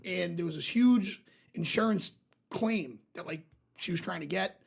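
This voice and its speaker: Male podcast co-host, gravelly and husky, casual and profane, animated storyteller. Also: sits high, measured pace. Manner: profane, animated storyteller who acts out voices. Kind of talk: casual chat.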